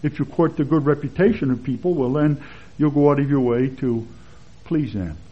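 A man giving a conversational expository sermon as a Bible teacher, relaxed and chatty, with anecdotes and chuckles along the way. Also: medium pitch, normal speed, slightly rough. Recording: dull lo-fi sermon recording.

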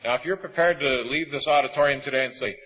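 A man preaching a sermon to a congregation in an auditorium, animated and acting out voices of the people in his stories. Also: medium pitch, fast, slightly rough, dull audio, soft background music.

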